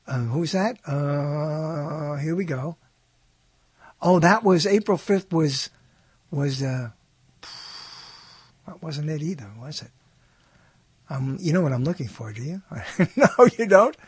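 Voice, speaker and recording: A male radio host talks in a husky, slightly raised voice. He rambles and mutters, trailing off mid-sentence. The sound is dry and close. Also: fairly high pitch, lively intonation, slow, long pauses, dry recording. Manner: mutters and trails off while searching. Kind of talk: rambling talk while browsing old recordings.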